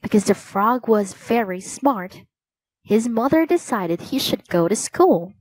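A woman reading a storybook aloud, slowly and clearly. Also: mid-range voice, animated, a little mellow, dry recording, poor audio.

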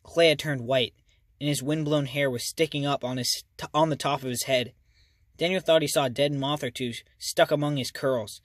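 A man's voice: mid-range voice, fairly even intonation, moderate pace, no room sound, clean studio sound. A man reading a children's novel aloud as a hobby reader, earnest and casual. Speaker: audiobook reader. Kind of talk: amateur audiobook reading.

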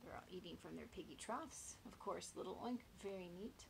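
A woman teacher reading a picture book aloud to young children, expressive and friendly. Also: on the low side, brisk, creaky, noisy background.

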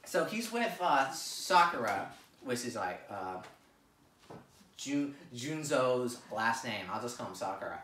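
A young fan-lecture presenter slowly tells friends a crude, slangy, rambling story recap, voicing the characters' lines with animation. At medium pitch, he sounds distant in an echoey room, with a little hiss or hum.

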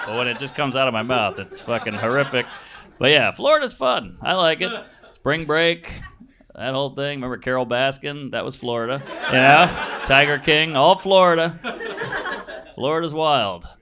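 A man's voice: medium pitch, lively intonation, normal speed. A man doing improvised stand-up comedy on a club stage, working the crowd with blunt, crude, self-mocking jokes. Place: comedy club stage before a laughing audience. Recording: live club recording with audience noise.

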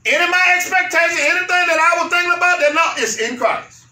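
A male pastor preaches with a very high, piercing voice. He repeats his phrases and climbs into fervent shouts. He is heard from a distance in an echoey church. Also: quick pace. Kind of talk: sermon. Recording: echoey room, mic far off.

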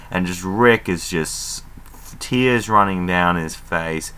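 Deep-voiced man, chatty fan recap. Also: a little slow. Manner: loose and chatty, lots of fillers and swearing; excitable fan. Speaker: wrestling show reviewer. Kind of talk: casual spoken recap.

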